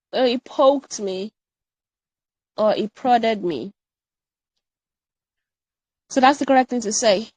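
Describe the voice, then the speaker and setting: A young woman runs a live English grammar workshop. She talks in a fairly high voice, animated and playful, and keeps repeating example sentences. The sound is dry and close. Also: no room sound, low-quality recording.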